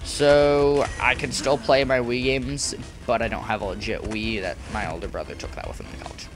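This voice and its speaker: A teenage boy streaming live, chatty, talking in quick bursts and laughing often. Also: medium pitch, steady tone, music in the background. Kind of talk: casual live-stream chat.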